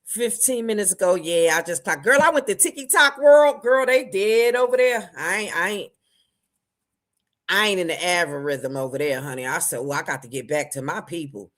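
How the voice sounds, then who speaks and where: A woman hosting a casual livestream, greeting viewers by name, her voice jumping between loud bursts and low asides. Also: moderate pace. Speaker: livestream host.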